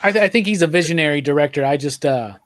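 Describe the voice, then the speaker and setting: A man hosting a casual movie podcast, talking quickly and laughing, with casual swearing. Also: on the high side, no echo, studio quality. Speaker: podcast host. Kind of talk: casual chat.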